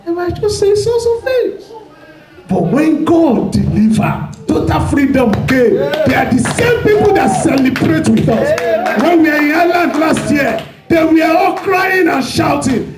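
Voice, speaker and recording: A man who is a pastor, preaching a sermon with fervor and shouting prayer declarations. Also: very high voice, very animated, unhurried, roomy sound, a crowd in the background, rough recording. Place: church hall.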